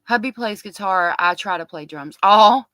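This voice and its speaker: A woman's voice: mid-range voice, moderate pace, bright, forceful tone, dry recording, rough recording. A middle-aged woman hosting a casual livestream, chatting with viewers and reading their comments aloud. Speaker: livestream host covering a trial.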